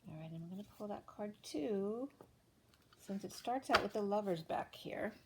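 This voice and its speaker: A woman doing a casual tarot card reading, chatty and thinking aloud with fillers and self-corrections, her voice a little hoarse. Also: medium pitch, expressive, normal speed, heavy background noise. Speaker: tarot reader.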